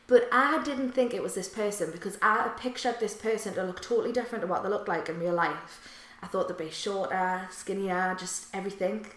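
A young woman, chatting and telling anecdotes as a podcast co-host, laughing often. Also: medium pitch. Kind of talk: casual chat and anecdote. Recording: echoey room.

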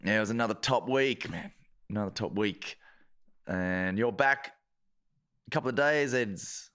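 A man's voice: lowish voice, measured pace, a bit bright, clean tone. A man co-hosting a comedy podcast, chatting in a laid-back, friendly way. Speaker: podcast co-host. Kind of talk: casual chat.

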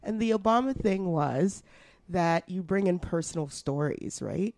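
A woman's voice: lowish voice, animated, a little slow, a little mellow, no echo. A woman co-hosting a podcast, blunt in casual chat, swearing often and laughing a lot. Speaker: podcast co-host.

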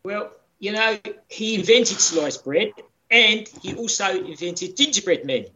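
Cheeky guy, voiced by a podcaster, bright tone, deadpan. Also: mid-range voice, unhurried, muffled recording, slight background noise. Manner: deadpan smutty jokes. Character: cheeky Australian man Billy Bob Brown.

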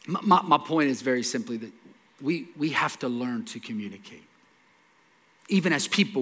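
A man preaching a sermon, telling a scripture story with lively acted-out dialogue, repeating words and dropping into soft asides. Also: mid-range voice. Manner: animated storytelling, acts out dialogue. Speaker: pastor.

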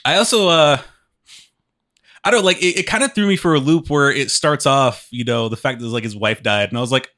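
A man's voice: medium pitch, bright, forceful tone. Laughing man retelling a movie. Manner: laughs often, acts out lines in quick quotes. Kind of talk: casual movie discussion.

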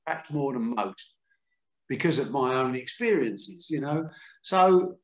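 A man's voice: medium pitch, fairly bright tone, echoey room. Older male guest, candid storyteller, plain mid-range voice. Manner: candid, earthy, acts out quotes. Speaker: boxing promoter. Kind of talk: anecdotal interview storytelling.

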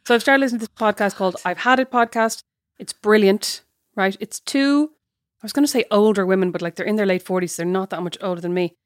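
A woman's voice: medium pitch, steady tone, quick pace, no echo. A woman co-hosting a podcast in casual chat, brash and teasing, swearing freely. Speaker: podcast co-host.

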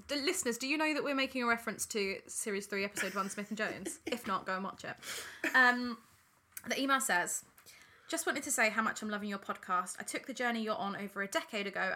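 Bright British woman, podcast co-host, giggly casual chat. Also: medium pitch, expressive, fast talker. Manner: giggly, chatty, self-deprecating.

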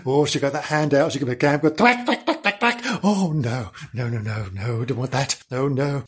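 A man's voice: mid-range voice, lively intonation, normal speed, slightly rough. A man voicing a flustered, henpecked husband who dithers and repeats himself in a storybook tale. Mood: panicky.

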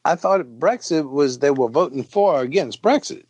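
A man co-hosting a podcast, trading mock-serious deadpan jokes in comic banter. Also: fairly high pitch, moderate pace, a little hiss or hum. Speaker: podcast co-host.

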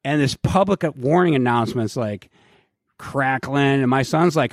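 A middle-aged man co-hosting a podcast, telling a profane story in a casual, animated way and acting out what people said. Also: mid-range voice, a little slow. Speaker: podcast co-host.

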